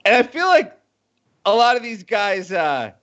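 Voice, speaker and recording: Male podcast guest, high lively voice, exasperated, heard over a dull lo-fi mic. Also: a little slow. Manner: animated, exasperated. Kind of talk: casual chat.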